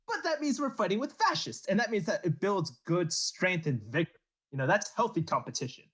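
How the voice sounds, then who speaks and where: Husky and fairly quick, this man's voice sits high. Hosting a casual history podcast, he narrates with lively humor, putting on funny character voices and laughing as he goes.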